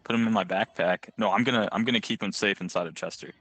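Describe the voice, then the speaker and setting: A man's voice: lowish voice, quick pace, a bit bright, slightly rough. A man playing a tabletop game, casual and unsure, repeating himself. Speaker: player.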